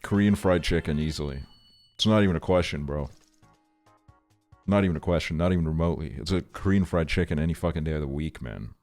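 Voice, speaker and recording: A man's voice: a bass voice, fast talker, darkish tone, soft background music. A young man streaming, chatting casually with his viewers, swearing often and sounding exasperated in a joking way. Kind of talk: casual chat.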